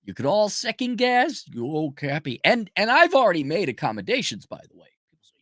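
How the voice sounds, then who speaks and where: A man's voice: high-pitched, wildly swooping pitch, fairly quick, a bit bright, no room sound, clean studio sound. A middle-aged man hosting a personal monologue, blunt and profane, ranting animatedly and breaking into mocking impressions. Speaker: show host.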